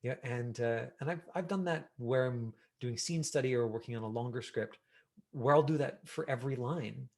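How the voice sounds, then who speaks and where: A middle-aged man teaching an online acting class over a video call, talking casually with lots of fillers and lively examples. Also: medium pitch, moderate pace. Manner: casual, animated, many fillers.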